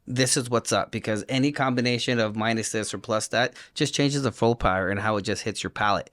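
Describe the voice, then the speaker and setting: A man's voice: on the low side, brisk, fairly bright tone. A man who works as a private chef, speaking as a guest in an earnest, casual way with many fillers. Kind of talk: casual chat.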